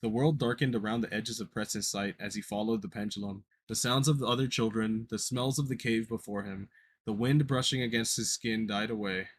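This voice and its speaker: With a lowish, fairly even voice, a man reads a horror story fairly quickly for a podcast he co-hosts. The creepypasta reading is casual and full of stumbles and self-corrections, and there is slight background noise.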